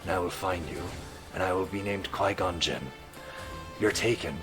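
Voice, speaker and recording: A man doing an off-the-cuff impression of a gruff action-movie tough guy, in a low, halting, menacing mumble. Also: over loud music, natural voice.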